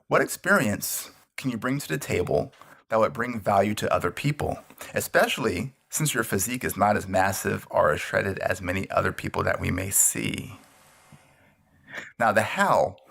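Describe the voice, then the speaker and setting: A man speaks in a low, gravelly voice, giving motivational advice straight to the viewer. His delivery is conversational and earnest, and he keeps checking in with a quick "right?". He hammers home his main points by saying them twice. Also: fairly bright tone. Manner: earnest, repeats key points for emphasis. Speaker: motivational speaker hosting his own talk show. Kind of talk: motivational talk to camera.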